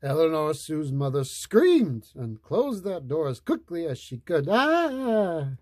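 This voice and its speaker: Storyteller: a man, playful read-aloud, slow, dry close mic. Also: fairly high pitch, very animated, warm tone, no echo. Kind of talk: reading a picture book aloud.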